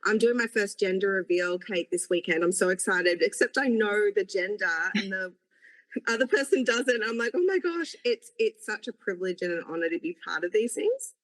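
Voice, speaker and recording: A woman's voice: medium pitch, brisk, low-quality recording. A woman, a podcast guest speaking earnestly about her work and life. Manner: warm, earnest storytelling. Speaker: guest, cake maker. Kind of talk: conversational podcast interview.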